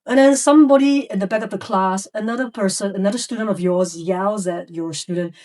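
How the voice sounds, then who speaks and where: A woman's voice: medium pitch, fairly quick, few pauses, darkish tone, distant mic. A woman educator telling classroom stories in a podcast interview, acting out the voices of students and teachers. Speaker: educator guest.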